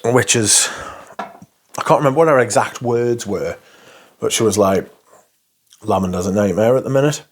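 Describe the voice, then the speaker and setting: Enthusiastic sweary man, unhurried. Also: mid-range voice. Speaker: fragrance reviewer. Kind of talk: casual chat.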